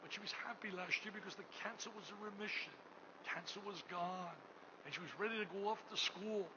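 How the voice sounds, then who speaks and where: Speaking a little fast, an older gala host with a high voice makes an emotional appeal for donations in a hotel ballroom. He shifts from near-shouting to quiet, hushed passages. Steady background noise fills the muffled recording.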